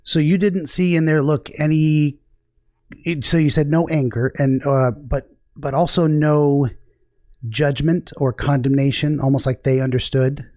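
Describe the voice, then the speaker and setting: A man hosting an interview about a dream, asking calm, careful follow-up questions. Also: fairly high pitch, unhurried, no room sound, clean studio sound.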